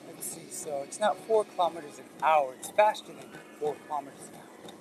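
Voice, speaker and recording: A man's voice: on the high side, animated, brisk, a little mellow, soft background music, rough recording. A man hosting a casual livestream, chatting with viewers in a rambling, easygoing way while working out on an elliptical. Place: indoors at an exercise machine.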